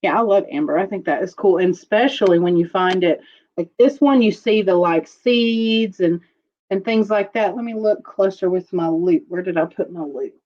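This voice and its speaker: A woman hosting a casual live-streamed jewelry auction, chatting slowly as she describes pieces and calls out viewer bids. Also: fairly low pitch, dull audio.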